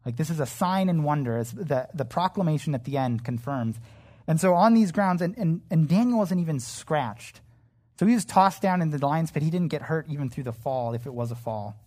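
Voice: medium pitch, animated, a little fast, dark tone. A Bible teacher giving a casual verse-by-verse sermon, talking conversationally with frequent fillers and restarts.

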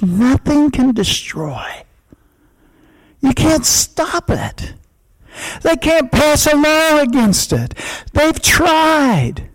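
A man's voice: extremely high pitch, fairly bright tone, poor audio. A male pastor preaching a sermon in emphatic, repeated short declarations.

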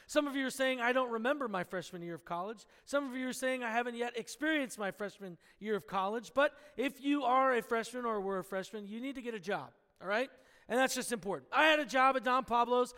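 A male pastor from Pennsylvania with a very high voice, preaching a Sunday sermon and leading prayer. He tells stories in a lively way and keeps checking in with the congregation. His voice rings with a long reverb through a church hall. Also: clean tone. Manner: storytelling, lively, asks the congregation for agreement. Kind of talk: sermon with opening prayer and story. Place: church sanctuary.

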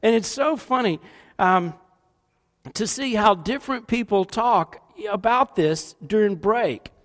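A man with a high voice preaches a sermon with lively storytelling. His delivery moves between booming and hushed passages. The sound carries a long reverb, as in a large hall. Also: measured pace. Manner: animated storytelling, shifts between loud and hushed. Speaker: pastor.

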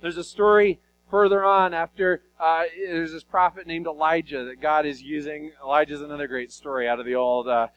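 A man preaching a sermon, retelling Bible stories in an animated, conversational way. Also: a little high, moderate pace, highs cut off. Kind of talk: sermon storytelling.

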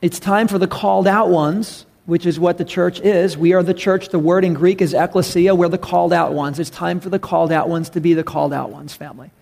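A man preaching a sermon as pastor, earnest and emphatic, rising to loud calls. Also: sits high, fairly even intonation, brisk, vocal fry, hardly any pauses.

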